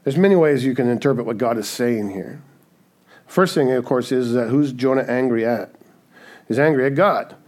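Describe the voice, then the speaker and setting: A man's voice: mid-range voice, moderate pace, darkish tone. A man preaching a sermon in a conversational way, often asking "right?" and acting out the voices he quotes. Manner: acts out quoted voices in asides. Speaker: pastor.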